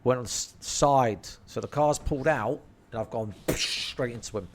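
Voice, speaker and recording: A man's voice: medium pitch, moderate pace, hardly any pauses, a little hiss or hum. A man telling a rambling, slang-filled story and swearing freely. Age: 30s. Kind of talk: casual storytelling.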